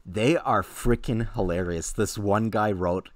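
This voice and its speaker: A man's voice: on the low side, measured pace, no echo, studio quality. A man co-hosting a casual podcast chat, telling anecdotes animatedly and acting out what others said. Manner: animated storytelling with lively quoted voices. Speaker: podcast co-host.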